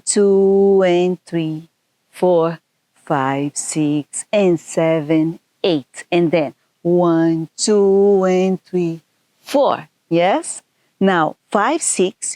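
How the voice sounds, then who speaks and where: Woman counting out dance steps slowly. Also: medium pitch, darkish tone, no echo. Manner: counts beats aloud, patient and instructive. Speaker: dance instructor. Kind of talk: step-by-step dance tutorial with counting.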